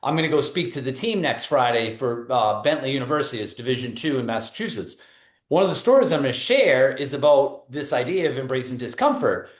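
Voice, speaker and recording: A performance coach in his thirties with a New England accent gives a motivational talk, telling stories with energy and dropping in casual fillers. His voice is medium-pitched and brisk, with a roomy sound.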